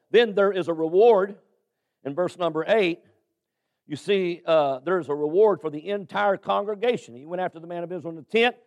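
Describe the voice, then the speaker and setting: A man preaching a sermon, fervent and exhorting, who swings from loud urging to quiet asides and keeps saying amen. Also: a little high, highs cut off.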